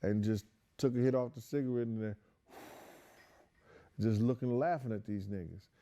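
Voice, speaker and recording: A man's voice: mid-range voice, unhurried, warm tone. A man casually recounting a long story with slangy street talk, rambling along with many fillers like "you know" and "um". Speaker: guest storyteller.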